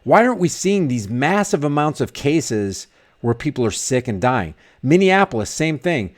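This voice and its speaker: A man's voice: medium pitch, sing-song, moderate pace. A man vlogging casually, reading viewer comments aloud and rambling with frequent restarts and repeated words. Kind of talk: casual live chat.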